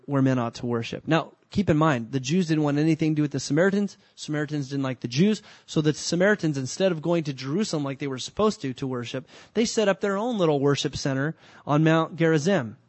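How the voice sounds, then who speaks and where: A male pastor with a slightly raised voice preaches a sermon in a conversational style, swinging between emphatic rising bursts and slow, deliberate phrases. The sound is close and dry, without room echo. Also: a little high.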